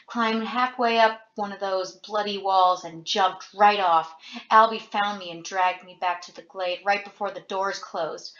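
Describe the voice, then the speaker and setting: In a storybook reading, a woman voices a young man, a feverish friend slipping into madness and turning violent, loud, bitter and raging. Her fairly low voice comes across bright and forceful. The sound is roomy and slightly dull, like a lo-fi home recording.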